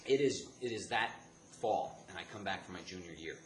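A man from the Chicago area telling a comic story, animated, jumping between laughing outbursts and hushed asides. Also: sits low, fairly quick. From Chicago area, United States. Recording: echoey room with background noise.

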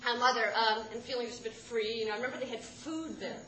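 A woman in her thirties telling a comic personal story to a live audience, rambling and self-deprecating, with sudden loud outbursts. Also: a little high, fast talker. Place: stage in a room with a live audience. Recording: roomy live room with background noise.

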